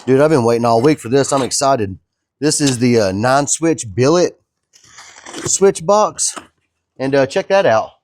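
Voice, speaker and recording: A young man chatting casually in his shop vlog, laid-back and excited, tossing in "dude" and "man". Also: mid-range voice, a little slow, pauses often, slight background noise. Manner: laid-back and enthusiastic, drawling, calls viewers dude and man. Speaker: custom truck builder and vlogger.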